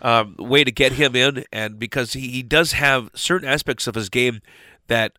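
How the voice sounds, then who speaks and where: Host, man, bright edge, fumbles into questions, dry close mic. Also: mid-range voice, normal speed, no room sound. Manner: hesitant, filler-heavy questions. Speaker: radio show host. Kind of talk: casual interview questions.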